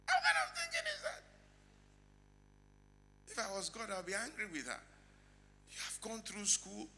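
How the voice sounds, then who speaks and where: A middle-aged Nigerian man preaching a sermon as pastor, dropping to quiet asides and then shouting lines out. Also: vocal fry, a little hiss or hum. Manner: animated preaching, swinging between low asides and shouted lines.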